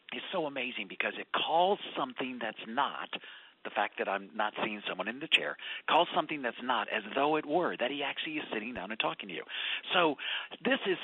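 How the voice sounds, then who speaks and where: A man being interviewed as an author and guest, animated as he tells stories and acts out quotes. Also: medium pitch, husky, no room sound. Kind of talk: radio interview by phone. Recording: phone line.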